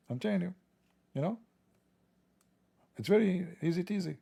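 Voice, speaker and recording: A man with a gravelly, dark voice delivers a sarcastic monologue, heavy on mockery and rambling asides. The sound is dry and close. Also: sits high, expressive, moderate pace, long pauses, no echo. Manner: mocking, joking, rambling asides. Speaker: religion commentator.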